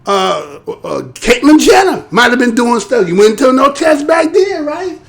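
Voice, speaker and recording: A man's voice: very high voice, sing-song, unhurried, gravelly, fairly bright tone. An American man hosting a live show, giving casual commentary in a talkative, rhetorical way and often tagging his points with a question. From United States. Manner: conversational, rhetorical, tags points with "right?".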